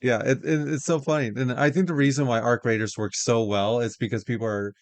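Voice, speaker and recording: A man's voice: mid-range voice, steady tone, fairly quick, no room sound. A man hosting a podcast in casual chat, joking and rambling with self-interruptions. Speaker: podcast host.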